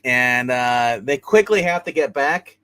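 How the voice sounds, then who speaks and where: A man hosting a casual comic book review, rambling through the plot with plenty of fillers and quick put-on character voices. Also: mid-range voice, expressive, sharp tone, clear, resonant tone, no room sound.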